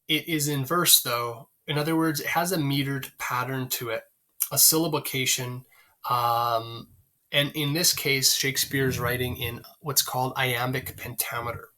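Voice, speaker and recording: Man, teacher, bright forceful tone, chatty lecture, lots of fillers, asks the class questions. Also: mid-range voice. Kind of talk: recorded literature lecture.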